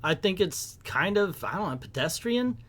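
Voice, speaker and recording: A man's voice: sits high, very animated, moderate pace, a bit bright. A man reviewing a comic book in casual commentary, hesitant and rambling, with many fillers.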